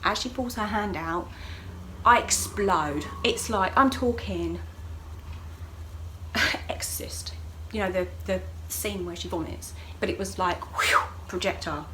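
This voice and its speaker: A young woman recounts a personal story for her vlog, relaxed and chatty. She throws herself into the quoted lines, jumping high and loud whenever she voices someone. A light background hiss sits under her mid-pitched voice. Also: measured pace, rough recording. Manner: animated, acts out voices of others with sharp jumps in pitch and loudness. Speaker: vlogger. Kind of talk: casual storytelling to camera.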